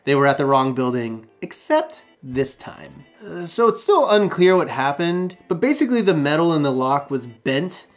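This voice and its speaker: A man's voice: a little high, big pitch swings, normal speed. A man in his thirties telling stories in a casual vlog, with jokey asides and acted-out quotes. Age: 30s. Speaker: short-term rental host.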